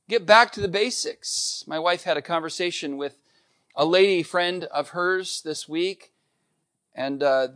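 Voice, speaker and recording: A man's voice: fairly high pitch, measured pace, fairly bright tone, clear, resonant tone. A middle-aged man preaching a sermon, earnest and emphatic, repeating key points. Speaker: pastor.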